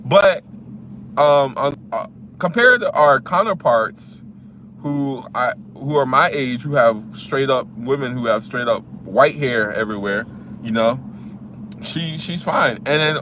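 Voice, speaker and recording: A man's voice: medium pitch, lively intonation, a little slow. A man in his twenties from the United States, casually telling a story about a date, rambling with many fillers and restarts. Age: 20s. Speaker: vlogger. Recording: loud traffic noise behind.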